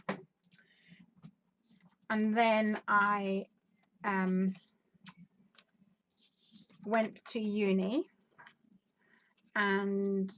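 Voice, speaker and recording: A woman in her thirties from Northern Ireland, with a softened Northern Irish accent, hosting a crafting live stream in a casual, upbeat way, reading out viewer comments and thinking aloud while she works. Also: medium pitch, slight background noise. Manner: chatty and upbeat, laughs often, thinks aloud while measuring.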